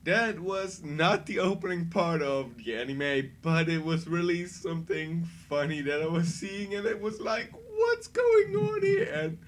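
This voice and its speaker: A man giving a casual spoken review, rambling and excitable, often laughing between his thoughts. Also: fairly high pitch, normal speed, few pauses. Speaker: anime reviewer.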